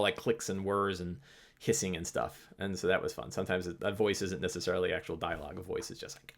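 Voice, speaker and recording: Low-pitched yet pushed and bright, a man's voice carries casual livestream talk as he hosts. He answers chat questions loosely and ramblingly, with many restarts.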